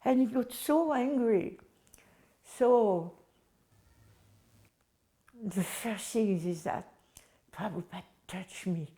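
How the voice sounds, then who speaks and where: A woman with a French accent, a native French speaker, sharing a personal memory in halting, emphatic English. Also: mid-range voice, warm tone. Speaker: devotee recalling memories. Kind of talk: personal reminiscence.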